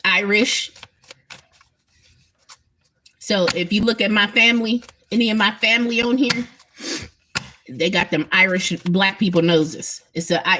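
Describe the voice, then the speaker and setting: Against some background noise, a woman with a lowish voice talks straight to her audience during a laid-back spiritual livestream. Her delivery is forceful and frank, and she curses without restraint.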